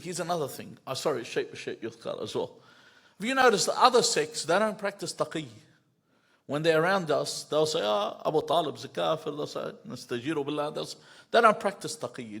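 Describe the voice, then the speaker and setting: A middle-aged man giving a sermon, swinging between loud emphatic rises and quiet asides and quoting Arabic lines before translating them. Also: on the high side, very animated, normal speed, vocal fry, husky. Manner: quotes Arabic phrases then translates them. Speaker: sheikh giving a mosque lecture.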